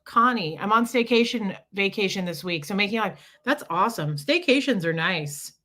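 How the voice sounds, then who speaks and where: Woman live-stream host, husky just-woke-up voice, bright and forceful tone, casual chat greeting viewers by name. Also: mid-range voice, expressive, normal speed, slight background noise.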